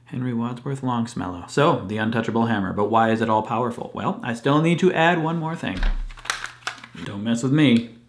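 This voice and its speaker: A man hosting a comedy vlog, delivering a scripted monologue with goofy jokes, sudden shouts and deadpan asides. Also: medium pitch, brisk, hardly any pauses, slight background noise.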